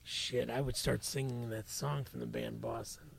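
A man's voice: mid-range voice, fairly even intonation, normal speed, creaky, husky, no echo. A man in casual comedic banter who answers in short quips and swears casually. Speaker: impressionist guest.

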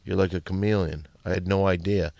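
A boastful, combative man hosting a comedy show, in sketch banter with sudden loud bursts. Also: deep voice, steady tone, brisk, gravelly, no echo, clean studio sound.

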